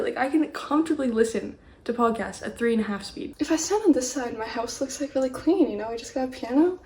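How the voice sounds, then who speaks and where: A chatty young woman vlogs casually at home from across a room with a mini fridge, her voice on the high side, animated and brisk with few pauses. She rambles with many "like" fillers, and the distant home camera picks up the fridge's faint hum.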